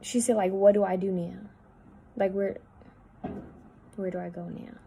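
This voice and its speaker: A woman psychic medium talking at home, relaying messages in a halting, repetitive way that often drops to a hushed voice. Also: medium pitch, steady tone, gravelly, a little hiss or hum, rough recording. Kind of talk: spirit-channeling video monologue.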